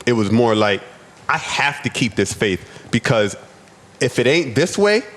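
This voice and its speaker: Man, podcast guest, earnest storytelling, repeats words, acts out dialogue, mid pitch. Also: very animated, unhurried, fairly bright tone. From United States. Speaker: podcast guest, restaurant owner. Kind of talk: personal storytelling.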